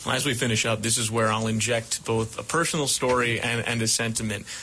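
A young man, a baseball broadcaster, interviewing a mentor and speaking an earnest, deliberate tribute. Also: medium pitch, fairly even intonation, sharp tone, a little hiss or hum.

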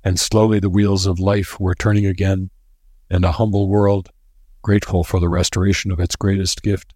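Male narrator, measured dramatic reading, husky voice, dry close sound. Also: low-pitched, flat delivery, darkish tone, dry recording. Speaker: audiobook narrator. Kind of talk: scripted narration of a novel.

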